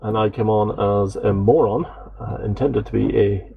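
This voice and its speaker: A man's voice: lowish voice, normal speed, creaky, phone-quality sound, crowd noise. A man co-hosting a podcast, chatting casually and rambling through listener comments with lots of fillers and self-deprecating asides. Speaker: podcast co-host.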